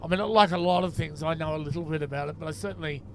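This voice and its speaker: An Australian man with a higher-than-usual voice trades stories with a friend on a long drive. He is dry and anecdotal, slipping into quoted voices as he goes. Faint car noise hums underneath. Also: rapid-fire, gravelly. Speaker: podcast co-host. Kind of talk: casual chat. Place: inside a moving car.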